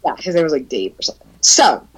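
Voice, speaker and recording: A young adult woman telling a story in casual chat, animated, laughing often, swearing and peppering her talk with "like.". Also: deep voice, fast talker, slightly rough, low-quality recording.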